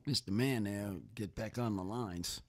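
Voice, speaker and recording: A tired man hosting a casual live-stream podcast, halting and trailing off in loose banter. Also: fairly low pitch, darkish tone, no echo, clean studio sound. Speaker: podcast host.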